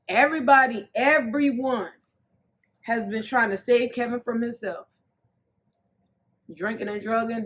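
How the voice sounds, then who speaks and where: A woman hosting a TV episode recap, her voice sitting a touch high for a woman. She talks in a sassy, animated way, bursting into loud jokes and then dropping into soft, earnest asides. It is casual, opinionated commentary. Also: husky. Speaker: recap host.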